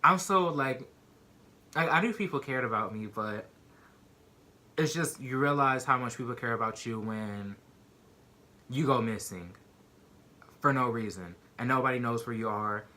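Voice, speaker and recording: A young man telling a personal story to his viewers in a casual, animated way, full of "like" and "y'all". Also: medium pitch, unhurried, long pauses. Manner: animated, addresses viewers as "y'all", many "like" fillers.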